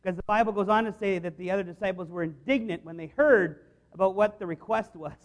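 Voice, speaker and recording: A man's voice: sits high, fast talker. A man preaching a sermon in an earnest, conversational way, often restarting his sentences.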